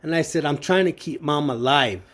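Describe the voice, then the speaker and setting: A man shares a family story as personal testimony, speaking haltingly with lots of pauses and filler words while acting out the lines he quotes. His voice sits on the high side and sounds a bit bright.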